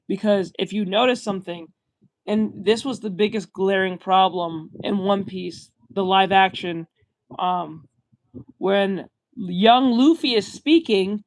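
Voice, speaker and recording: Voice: medium pitch, no echo. A stream host giving casual reaction commentary, rambling and swearing a lot, with many fillers and restarts.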